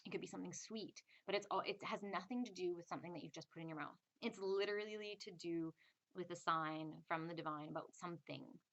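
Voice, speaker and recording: A woman's voice: on the low side, fairly quick, fairly bright tone, lo-fi sound. A woman giving a casual spiritual lesson, chatty and acting out little inner voices in quotes. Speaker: spiritual teacher. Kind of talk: casual teaching monologue.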